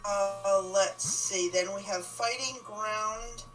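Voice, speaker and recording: A woman's voice: medium pitch, takes it slowly, fairly bright tone, distant mic, soft background music, poor audio. A woman co-playing on a game stream, talking casually with many hesitations and restarts. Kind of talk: casual gaming chat.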